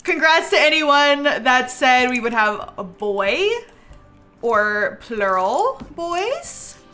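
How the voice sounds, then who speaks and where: A young woman live-streaming a life-sim game, excitable and laughing often, swinging between squeals and low mutters. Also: slow, faint music behind.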